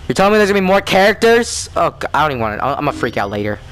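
Excitable man doing game commentary. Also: on the high side, very fast. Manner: excitable, jumpy reactions and rambling asides. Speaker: gamer. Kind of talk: let's play commentary.

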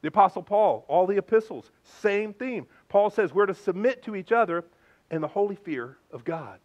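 A male pastor preaching a sermon in an animated, conversational way with playful asides. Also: high voice, normal speed, highs cut off.

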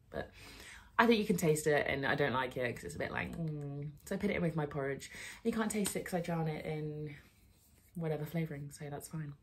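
Tired, husky-voiced woman vlogging. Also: low voice. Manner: chatty and candid, rambling with fillers and swearing. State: tired and low on energy. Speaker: fitness vlogger. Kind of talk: casual vlog chat. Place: at home, indoors.

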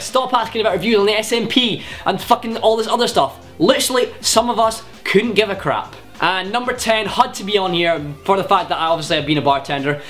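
A man's voice: high voice, fairly bright tone. A young Scottish man in his twenties, ranting bluntly and swearing through a countdown vlog. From Scotland. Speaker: YouTuber.

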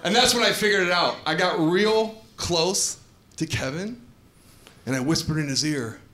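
Animated man doing stand-up in a club. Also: high voice, moderate pace. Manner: animated storyteller with playful asides to the crowd. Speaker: stand-up comedian. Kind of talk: stand-up comedy set. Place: comedy club stage before a live audience. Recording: echoey club with clear audience noise.

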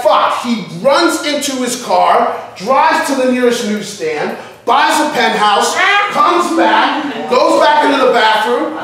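A man's voice: very high-pitched, fairly bright tone. A man, an acting teacher, telling a profane story in a casual way to a class, acting out his friends' voices. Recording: echoey room, far from the mic.

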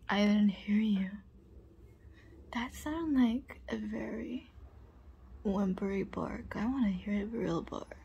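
A woman's voice: mid-range voice, creaky, breathy edge, highs cut off, heavily acted. A woman playing a cruel young bully in a whispered role-play, taunting and bossing the listener with mocking laughs. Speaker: audio role-play performer.

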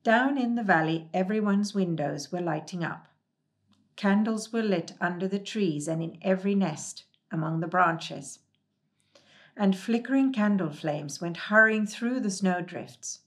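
A woman reads a storybook aloud in a gentle, unhurried way. Her voice stays calm and measured, with a middling pitch, as she carries the story along. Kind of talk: storybook reading.

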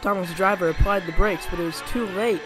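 A man tells a children's storybook tale in a high voice, reading steadily with plenty of expression. Soft music runs faintly behind him. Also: steady tone, fairly quick. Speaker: narrator. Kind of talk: storybook narration.

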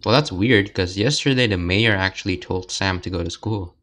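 A man's voice: low-pitched, moderate pace, fairly bright tone. A young man casually commenting while playing a video game, rambling and hesitant with lots of filler words. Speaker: let's play host.

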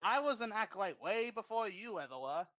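Man, gamer, slightly high voice, rambling, self-deprecating, headset voice chat. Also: animated, brisk, pushed and bright. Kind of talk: casual gaming chat over voice call. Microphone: gaming headset.

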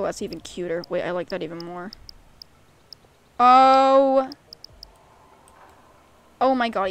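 A young gaming YouTuber with a fairly high voice gushes casually while playing, giggling and swearing now and then. Faint game music and slight background noise sit behind her.

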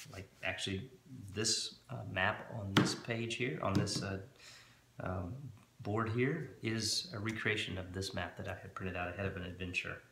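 A man and host, explaining a tabletop game in a relaxed, rambling way with many fillers. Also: lowish voice, reverberant, slight background noise. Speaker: dungeon master and channel host. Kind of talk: casual tutorial explanation. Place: room at home with a board.

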